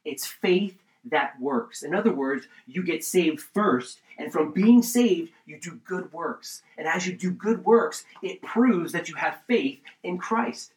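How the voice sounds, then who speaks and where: A man preaching a sermon, teaching through a Bible passage in an animated way with asides. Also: on the high side, slow, hardly any pauses, roomy sound, rough recording. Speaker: pastor.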